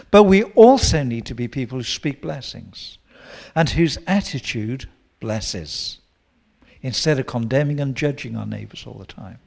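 A man preaching a sermon, teaching with lively quoted prayers and asides. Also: a little high. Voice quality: gravelly.

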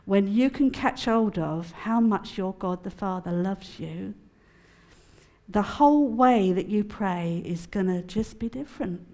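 A woman addresses a prayer conference in a medium-pitched voice, telling her own story and teaching from it. She is chatty and expressive and breaks into laughter easily. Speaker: conference speaker. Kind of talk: personal testimony and teaching.

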